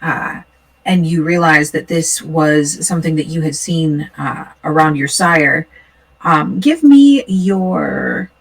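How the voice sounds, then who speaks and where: Relaxed woman narrating a tabletop game. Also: sits low, slow pace, husky, rough recording. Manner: relaxed, hesitant with many fillers. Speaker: game master.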